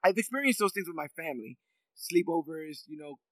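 A man's voice: on the high side, animated, fairly quick, fairly bright tone, no echo, low-quality recording. A man co-hosting a casual chat reviewing a TV series, talking in a thoughtful, reflective way with many filler ums. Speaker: podcast co-host.

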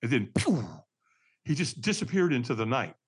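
A man telling a personal story as a podcast guest, energetic and vivid, acting out what others said. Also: mid-range voice, moderate pace, breathy edge. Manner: energetic, acts out quoted voices, frequent restarts. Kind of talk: animated storytelling.

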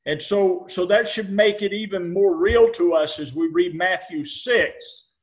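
A man preaching a sermon in a slow, deliberate way, pausing often and reading scripture in old-fashioned wording. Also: high-pitched.

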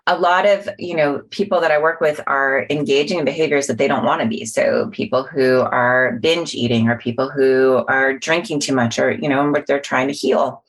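A woman's voice: a bass voice, fairly even intonation, moderate pace, few pauses. A middle-aged woman in casual conversation, explaining mindfulness and self-compassion in an earnest teaching manner.

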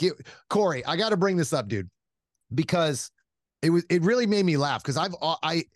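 A man with a slightly high voice chats casually as a podcast host. He tells his stories in an animated, self-deprecating way, swearing freely and laughing along as he goes. The sound is close and dry, with no room around it. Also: dry recording. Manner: animated, self-mocking storytelling with frequent swearing; laughs often while talking. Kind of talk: casual chat.

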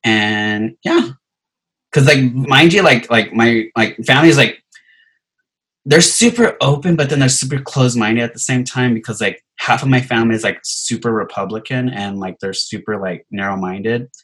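A man's voice: mid-range voice, moderate pace, a bit bright, rough recording. A young man telling a personal story in casual chat, rambling and full of filler words. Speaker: podcast guest telling a story.

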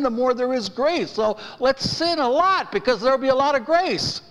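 A male pastor preaching from the pulpit in a high, animated voice that climbs as he gets excited. He raises his voice and pounds the pulpit. The church hall carries a long reverb behind him. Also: unhurried. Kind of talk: sermon. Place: church sanctuary.

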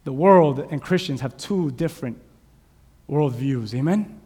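A man preaching a sermon, animated, acting out shouted voices from Bible stories. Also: mid-range voice, measured pace, slightly rough. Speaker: pastor. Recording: long hall reverb.

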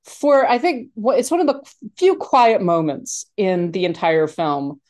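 Woman, casual film chat, animated, restarts often, medium pitch. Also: unhurried. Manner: animated, many restarts and fillers.

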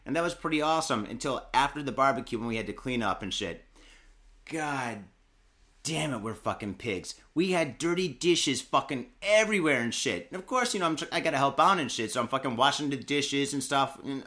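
A man's voice: medium pitch, animated, fast talker, hardly any pauses, bright, forceful tone. Rambling, foul-mouthed man on a podcast. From Michigan, USA. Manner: profane, rambling, heavy cursing and filler. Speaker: podcast co-host. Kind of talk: casual podcast monologue.

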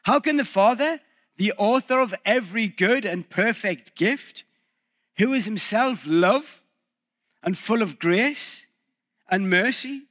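High, bright-voiced male pastor preaching. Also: animated. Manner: reflective, pausing, with restarts. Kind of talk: sermon.

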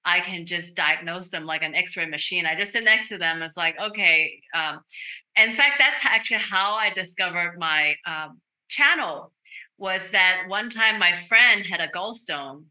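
Bright-voiced woman telling a story. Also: on the low side, a little slow. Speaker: guest, medical intuitive. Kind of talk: podcast interview storytelling. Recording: roomy echo.

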